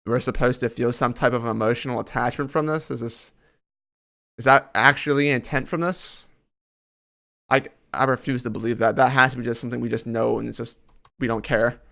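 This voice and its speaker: Male streamer, gravelly voice, sarcastic live reaction commentary. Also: mid-range voice, fairly even intonation, a little fast, a bit bright. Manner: sarcastic, critical, reads dialogue aloud. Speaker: streamer reacting to a comic chapter.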